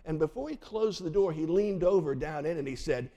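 An older man preaching a sermon, telling a story and lending voices to the people in it. His voice sits a little high and has a soft, mellow tone. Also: fairly quick, hardly any pauses. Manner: storytelling, acting out voices of family in the tale. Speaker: pastor.

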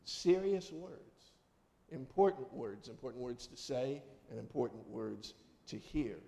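A man's voice: mid-range voice, unhurried, vocal fry, dark tone. A man preaching a conversational sermon, telling homely, humorous stories and putting questions to the congregation. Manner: folksy, humorous storytelling, asks the congregation questions. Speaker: pastor. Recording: long reverb of a large hall.

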